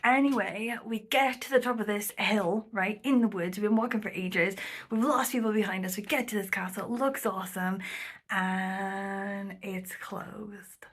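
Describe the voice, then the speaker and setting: A woman's voice: mid-range voice, fairly even intonation, measured pace. A woman vlogger telling a travel story in casual, rambling chat, full of "like" and "um," sometimes dropping to a near whisper. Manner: rambling, chatty, full of 'like' and 'um', slips into quoted voices; drops to a near whisper at times.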